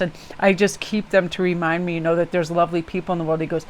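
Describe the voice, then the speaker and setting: An effusive woman telling a story in a casual vlog. She reads tarot and gushes as she goes, slipping into the voices of the people she quotes. Her talk is relaxed and chatty, the way she would speak to a friend. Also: fairly low pitch, fast. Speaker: tarot reader.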